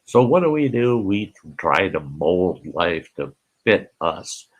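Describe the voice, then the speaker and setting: A man's voice: deep voice, very animated, slow, slightly rough. An older man hosting a casual live stream, folksy, greeting chat viewers by name and often laughing, with an Upper Midwest American accent.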